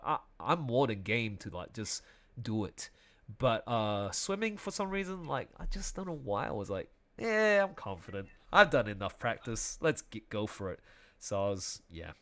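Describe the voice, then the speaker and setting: Laughing, animated man telling a story. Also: medium pitch. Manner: animated, laughs often, quick restarts. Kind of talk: casual conversational storytelling.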